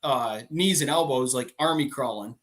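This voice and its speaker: A man's voice: mid-range voice, moderate pace, a bit bright. A man co-hosting a casual farm podcast, telling a story animatedly and acting out quotes. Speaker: podcast co-host.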